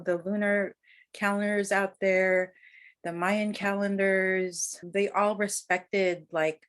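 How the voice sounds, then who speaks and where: A woman's voice: medium pitch, fairly bright tone. A woman guest talking in a casual conversation about nature and cycles, earnest and reflective, often saying "like". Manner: earnest, reflective, frequent "like" fillers. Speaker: guest, healer and ceremonialist.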